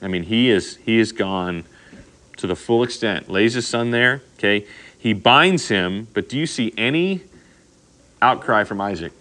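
A man's voice: lowish voice, measured pace. A middle-aged man preaching a sermon, telling stories in a conversational way and often checking in with "okay?". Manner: conversational, animated storytelling with frequent "okay?" asides. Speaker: pastor.

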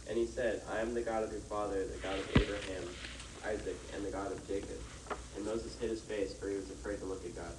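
A man's voice: on the low side, fast talker. Distant man reading scripture, roomy. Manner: plain steady reading aloud. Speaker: group member reading scripture aloud. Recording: distant, roomy, noisy room mic.

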